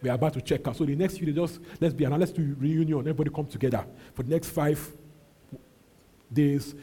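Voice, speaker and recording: A man preaching a sermon as pastor, his voice husky and mellow, pitched a little high for a man. He presses his points by repeating them, rising to loud calls and dropping to low, slow asides.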